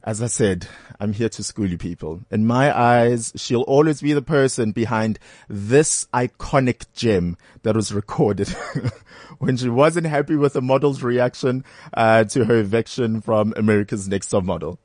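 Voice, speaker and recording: A man's voice: lowish voice, normal speed, a little mellow, dry recording, studio quality. A man hosting a radio talk show, chatting casually in a playful, teasing way.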